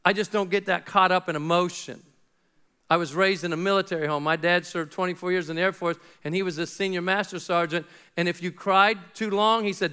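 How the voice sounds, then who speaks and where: A middle-aged male pastor delivers a sermon in a conversational, animated way, slipping into quick acted-out exchanges. His voice sits high for a man, bright and smooth, with a clean clear tone.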